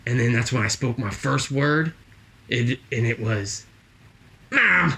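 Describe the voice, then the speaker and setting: A man's voice: medium pitch, lively intonation, slow pace, gravelly, pushed and bright, a little hiss or hum, full character voice. A man playing a boastful, rambling jobless guy with a put-on accent, spinning tall tales in an improvised comedy interview.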